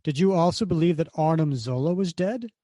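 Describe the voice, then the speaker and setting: A man's voice: a little high, expressive, brisk, warm tone, no room sound, clean studio sound, voice pushed up, natural voice. A man reading aloud as a boastful, cruel male mad scientist, gloating and mocking.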